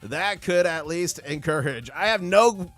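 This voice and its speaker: A man hosting a live stream, giving excitable market commentary and reading viewer comments aloud. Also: a little high, a little slow, soft background music. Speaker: livestream host.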